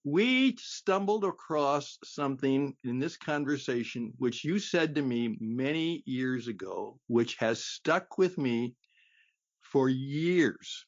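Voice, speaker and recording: A man hosting a casual radio conversation, often chuckling and pausing on fillers, heard on a slightly muffled radio recording. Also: mid-range voice, animated, no echo. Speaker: radio host.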